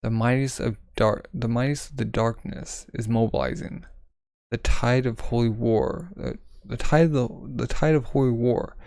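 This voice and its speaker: A man's voice: medium pitch, steady tone, normal speed, vocal fry, a little mellow, no room sound. A man reading a manga aloud casually, stumbling over words and adding side comments with fillers. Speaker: manga reader. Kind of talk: casual manga read-along narration.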